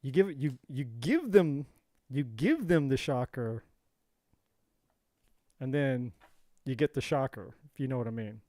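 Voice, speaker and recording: A man's voice: medium pitch, expressive, a little slow, pauses often, warm tone. A man hosting a casual live tarot reading, rambling and joking, going off on tangents and talking to his viewers by name. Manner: addresses viewers directly by name.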